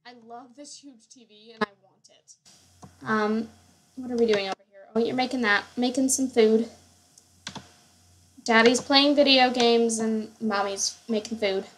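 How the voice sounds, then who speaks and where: A woman's slightly high, steady voice moves a little slowly with long pauses as she gushes over her game household in rambling, filler-filled commentary. Slight background noise can be heard.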